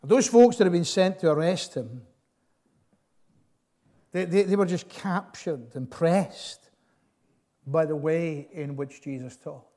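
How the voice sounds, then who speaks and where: A man preaching a sermon in an earnest, emphatic way, often pausing with fillers and repeating words as he builds a point. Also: a little high, warm tone. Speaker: pastor.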